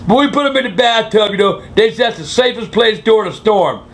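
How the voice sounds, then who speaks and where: An older man with a gravelly voice, telling a crude, swear-filled story as host of his own vlog. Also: high-pitched, animated, a little fast, few pauses, slight background noise. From South Carolina. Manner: crude, swearing constantly, loud outbursts. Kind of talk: profane storytelling.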